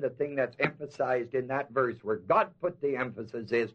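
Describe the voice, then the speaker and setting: A man's voice: mid-range voice, fairly bright tone. A man teaching a sermon on a Bible passage in a folksy way, leaning hard on key words and quizzing his listeners. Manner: emphatic, drawn-out stress on key words; folksy, asks the audience questions. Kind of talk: expository sermon. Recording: dull lo-fi sermon tape.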